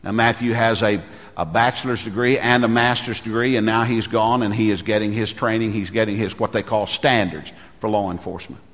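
A man's voice: lowish voice, fairly even intonation, brisk, fairly bright tone. Folksy preaching man in a reverberant church. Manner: folksy storyteller who acts out quoted voices. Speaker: pastor. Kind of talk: sermon with storytelling.

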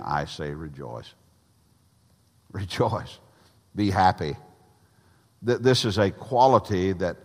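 Older pastor, lowish voice, emphatic folksy sermon delivery, hall reverb. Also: male voice. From Tennessee, USA. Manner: preaching with emphatic pauses, folksy anecdotes.

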